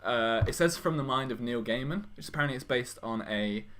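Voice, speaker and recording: A man's voice: medium pitch, a little fast, fairly bright tone. A young man co-hosting a casual podcast, chatty and self-mocking, laughing often. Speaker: podcast co-host. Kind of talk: casual chat.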